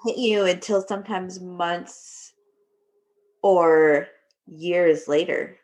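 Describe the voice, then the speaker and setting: Woman veteran, low-pitched, candid, dark humor, casual chat. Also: slow. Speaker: military veteran. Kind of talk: casual conversation.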